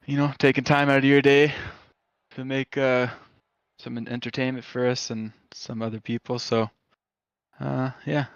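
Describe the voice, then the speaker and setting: Over dull, lo-fi voice chat, a Canadian driver being interviewed after the race hesitates and leans on fillers. His medium-pitched voice is gravelly yet smooth, flat in delivery at a moderate pace, with no room sound.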